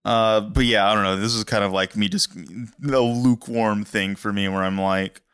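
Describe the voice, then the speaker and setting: Smooth-voiced man in casual podcast chat. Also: fairly low pitch, steady tone, moderate pace, fairly bright tone, no echo, clean studio sound. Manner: rambling, full of "like" and restarts. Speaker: podcast co-host.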